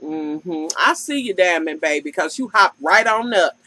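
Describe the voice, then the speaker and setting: A woman's voice: on the low side, lively intonation, measured pace, sharp tone, no echo, rough recording. A woman vlogger giving a sassy, profane, casual recap of a reality TV show and talking straight to the cast.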